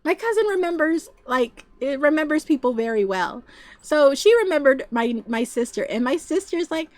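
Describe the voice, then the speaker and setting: A woman streamer telling stories in a casual, animated chat, often acting out the voices of the people she quotes. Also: high-pitched, moderate pace, dry recording. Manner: animated, puts on voices when quoting people; chatty, frequent fillers and restarts. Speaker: VTuber streamer.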